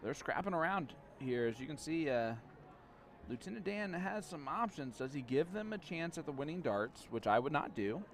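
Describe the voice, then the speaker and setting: A man doing live darts commentary in a chatty manner, quick to laugh. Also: fairly high pitch, big pitch swings.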